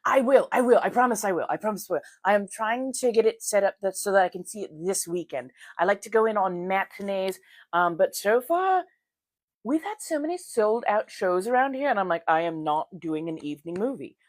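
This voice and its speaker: An American woman with a brisk, mid-range voice hosts a laid-back livestream, doing her makeup as she chats and welcomes viewers by name. She's warm and chatty, with frequent laughter, and the recording is dry and clean, like a studio.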